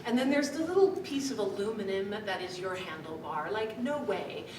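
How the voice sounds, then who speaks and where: A woman speaking coach telling a lively story to a live audience, laughing often as she talks. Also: mid-range voice, normal speed. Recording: distant mic in an echoey room with background noise.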